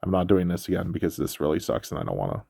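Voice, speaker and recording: Stuffy low-voiced man explaining gameplay. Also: very fast, vocal fry, slightly rough, no echo, studio quality. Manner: relaxed, explanatory, with frequent fillers. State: stuffy nose. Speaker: gameplay commentator. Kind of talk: casual game walkthrough commentary.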